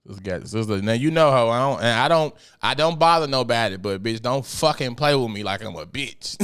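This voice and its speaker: A man's voice: mid-range voice, animated, fairly quick, fairly bright tone, smooth. A man hosting a casual solo podcast, ranting in a blunt, profane, joking way and sometimes turning mock-preachy. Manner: mock-preachy when addressing God. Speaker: podcast host.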